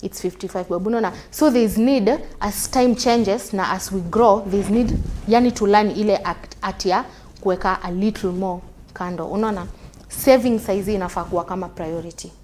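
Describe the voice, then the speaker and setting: A Kenyan woman hosting a talk show, chatting casually and switching between Swahili and English, often checking in with a quick question. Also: medium pitch, a little mellow, slight background noise. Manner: fast, tags sentences with "unaona?".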